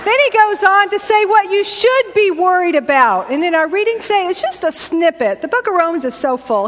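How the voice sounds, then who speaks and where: A middle-aged woman preacher giving a conversational, joking sermon in a church. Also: very high voice. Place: church sanctuary. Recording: echoey church hall.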